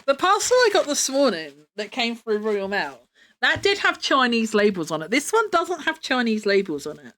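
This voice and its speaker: Young woman, livestreamer, high-pitched, lively swooping voice, rambling chatter. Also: normal speed. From United Kingdom. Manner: rambling, filler-heavy, swears casually. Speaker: live streamer. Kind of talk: casual livestream chat.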